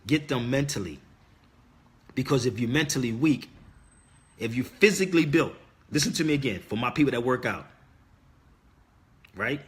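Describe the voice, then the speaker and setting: A middle-aged man hosting a livestream speaks directly to his viewers in a casual preaching monologue, insistent and emphatic, repeating his key words like a sermon. His mid-range voice is animated, at a moderate pace with long pauses.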